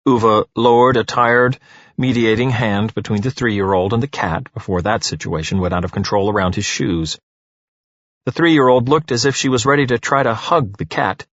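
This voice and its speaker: Expressive male audiobook narrator, husky voice, dull lo-fi recording. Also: mid-range voice, no room sound. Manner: expressive, storytelling.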